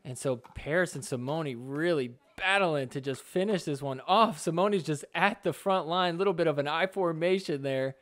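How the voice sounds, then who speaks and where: A man's voice: a little high, normal speed, few pauses. A man hosting a sports podcast, talking casually over match footage and acting out the players' reactions. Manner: chatty, animated, playing out players' reactions. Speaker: podcast host. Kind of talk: casual video commentary.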